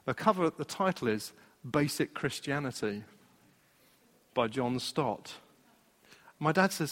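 A man preaching as a pastor, telling a personal story in an animated way. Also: medium pitch, slow, pauses often. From Britain. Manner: storytelling, animated, laughing at his own anecdote. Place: church hall. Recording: long hall reverb.

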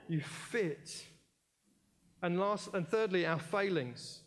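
British man preaching, higher-pitched voice. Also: animated, slow. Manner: emphatic, repeats key phrases; anecdotal, jokey asides. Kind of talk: sermon. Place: church.

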